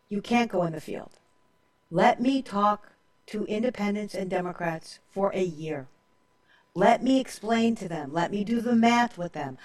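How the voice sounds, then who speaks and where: A woman's voice: mid-range voice, recorded from a distance. An older woman hosting a political talk show, telling stories emphatically and often checking in with "okay?". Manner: emphatic storyteller, keeps adding "okay?". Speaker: radio talk show host.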